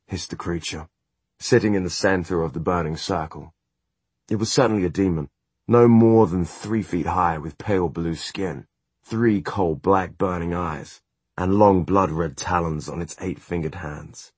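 Low husky guy reading a fantasy audiobook, dry close sound. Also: measured pace, darkish tone, no echo. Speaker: audiobook narrator. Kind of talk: scripted narration.

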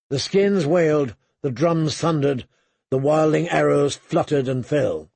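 A man narrates a dramatic audiobook at a measured pace, dropping into hushed, low tones when things get tense. His gravelly, slightly husky voice is pitched a little high for a man and recorded close and dry.

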